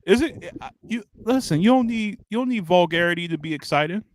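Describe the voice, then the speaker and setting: A man's voice: high voice, lively intonation, fairly quick. A man hosting a podcast, talking in a rambling, slangy, self-mocking way in casual chat. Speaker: podcast host.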